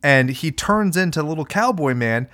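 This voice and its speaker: A man co-hosting a podcast, joking crudely and excitably in casual chat. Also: on the high side, moderate pace, no room sound, clean studio sound. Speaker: podcast co-host. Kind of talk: casual chat recapping a movie.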